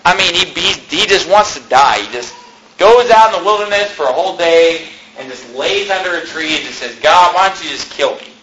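Forceful preacher man with a bright voice. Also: on the high side, animated, a little fast, low-quality recording. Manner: casual storytelling with many fillers, reads scripture aloud. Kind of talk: sermon.

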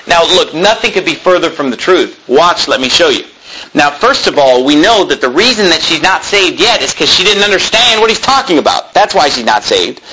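Animated preacher man with a bright voice. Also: a little high, a little hiss or hum, low-quality recording. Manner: animated, argumentative preaching with mocking asides. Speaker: pastor. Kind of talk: sermon with scripture reading.

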